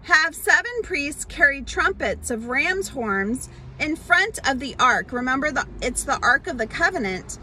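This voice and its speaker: A woman pastor telling a Bible story in a children's sermon, explaining slowly with many fillers and restarts. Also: high-pitched, lively intonation, bright, forceful tone, slight background noise, low-quality recording.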